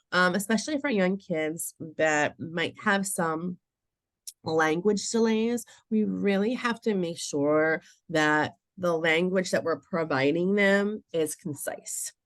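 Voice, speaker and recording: Lively conversational woman behavior analyst. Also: fairly low pitch, no echo. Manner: conversational, often checks in with listeners. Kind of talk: presentation to parents.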